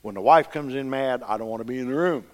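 A man's voice: medium pitch, quick pace. A middle-aged man preaching a sermon, telling homespun stories with rising fervor. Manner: folksy, impassioned storytelling preacher.

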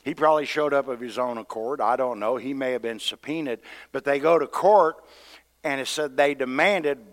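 A man's voice: medium pitch, normal speed. A man preaching a sermon to his church in a conversational, storytelling way, acting out what the people in the story say. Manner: conversational storytelling preacher who acts out quotes. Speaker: pastor. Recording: long hall reverb.

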